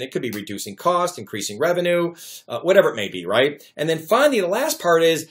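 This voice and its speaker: A man's voice: fairly high pitch, big pitch swings, quick pace. A middle-aged man giving sales training tips straight to camera, talking energetically and acting out bits of customer dialogue.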